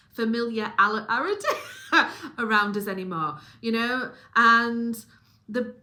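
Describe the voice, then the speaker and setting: Bright-voiced Yorkshire woman musing on books. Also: medium pitch. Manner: rambling, full of restarts and fillers, musing. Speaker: book reviewer. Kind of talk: reflective solo book talk.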